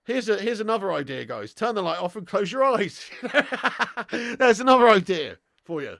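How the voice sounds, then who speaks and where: A young British man hosting a live football watch-along, sweary and excitable, chatting with viewers and laughing often. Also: sits high, normal speed, vocal fry, dry recording, clean studio sound.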